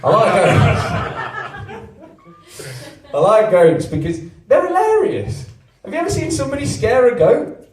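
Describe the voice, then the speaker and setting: A man in his twenties from England doing a stand-up comedy set, deadpan and self-deprecating, with big jumps in pitch on his punchlines. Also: measured pace, long pauses. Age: 20s. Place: comedy venue with a live audience. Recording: echoey venue, mic at a distance. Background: audience laughter.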